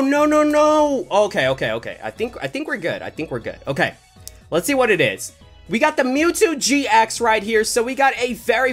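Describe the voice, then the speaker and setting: Excitable male vlogger, slangy unboxing chatter, lively pitch, voice cracks when hyped. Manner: hyped, slangy, shouts and laughs in bursts. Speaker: YouTuber opening card packs.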